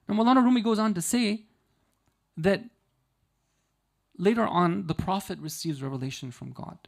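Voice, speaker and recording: A man's voice: fairly high pitch, very animated, fairly quick, gravelly. A man giving a conversational sermon at a community religious centre. He explains through analogies and stories and keeps checking in with the audience with "right?". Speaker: Muharram night speaker.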